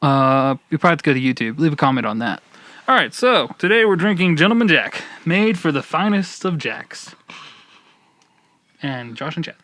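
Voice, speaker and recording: A man co-hosting a podcast, with a bright, slightly high voice. He jokes and rambles, restarting his sentences as he goes. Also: big pitch swings, moderate pace, no room sound. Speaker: podcast co-host. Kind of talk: casual chat.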